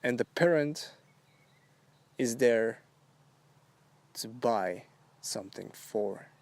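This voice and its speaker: A man hosts a solo podcast monologue with a gravelly, creaky edge to his voice. He talks at a very slow crawl, rambling and halting through drawn-out phrases. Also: mid-range voice, a little mellow, no room sound. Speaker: podcast host.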